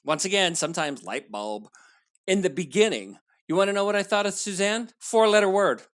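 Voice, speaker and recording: Guy guesting on a movie podcast, super animated, pitch jumping all over, lots of yes yes. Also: a little fast. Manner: animated, emphatic, lots of agreeing. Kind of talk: casual film discussion.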